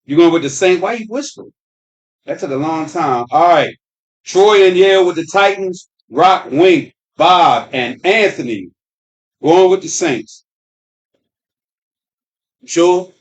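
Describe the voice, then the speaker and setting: A man's voice: on the high side, expressive, slow pace, long pauses, recorded from a distance, muffled recording. A man hosting a casual sports chat in a restaurant bar, laid-back and teasing as he goes through picks. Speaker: host.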